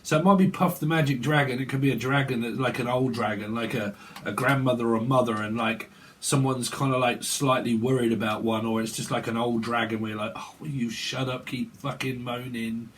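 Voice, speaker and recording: A man's voice: mid-range voice, fairly even intonation, brisk, fairly bright tone, a little hiss or hum. A man giving a rambling, joking tarot reading, swearing and laughing at himself. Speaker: tarot reader. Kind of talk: casual tarot reading monologue.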